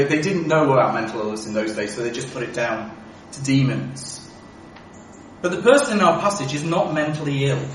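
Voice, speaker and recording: A man's voice: medium pitch, a little hiss or hum. A man preaching a sermon, emphatic and full of rhetorical questions. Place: church. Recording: echoey church from a distance.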